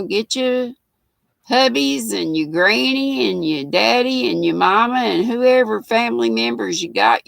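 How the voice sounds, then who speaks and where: A woman's voice: mid-range voice, gravelly, fairly bright tone, no room sound. An older woman with a North Carolina Southern accent, chatting folksily and laughing as she hosts a live stream and reads out viewer comments. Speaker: livestream host. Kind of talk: casual live chat reading viewer comments.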